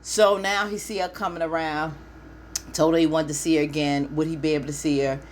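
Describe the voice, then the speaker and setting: A woman's voice: sits low, steady tone, brisk, a little hiss or hum. A woman hosting a casual TV episode recap, chatty and opinionated, speaking straight to her viewers. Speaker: TV recap host.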